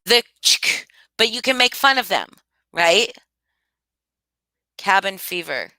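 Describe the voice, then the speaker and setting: A woman's voice: mid-range voice, sing-song, takes it slowly, bright, forceful tone, no room sound. A woman hosting a casual live stream, rambling and thinking aloud as she answers viewers, often restarting her sentences. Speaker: livestream host.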